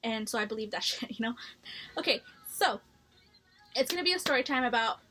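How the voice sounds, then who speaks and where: A young woman vlogging a candid personal story, blunt and quick to swear, restarting her sentences as she goes. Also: on the high side, animated, pushed and bright, a little hiss or hum. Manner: heated when retelling the story. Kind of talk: casual storytelling to camera.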